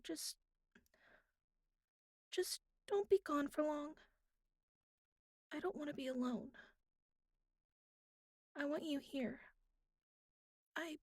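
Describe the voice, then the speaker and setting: Woman doing a clingy young captive for an audio role-play; high, slow, needy. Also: no echo, clean studio sound. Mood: tender, clingy. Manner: pouty, then softly pleading. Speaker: voice actor.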